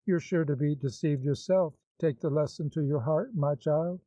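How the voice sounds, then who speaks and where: A man's voice: a little high, moderate pace, mellow, dry recording, close to an everyday voice. A man reading the part of a bold, impertinent young woman with a glib, mocking manner, in a dull, dry recording. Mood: playful mocking.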